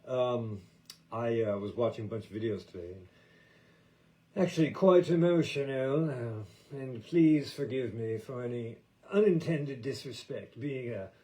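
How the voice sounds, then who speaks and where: A man's voice: mid-range voice, measured pace, dark tone, low-quality recording. An American man hosting a podcast, talking in a casual, meandering way with many fillers and restarts. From United States. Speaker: podcast host. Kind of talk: casual rambling monologue.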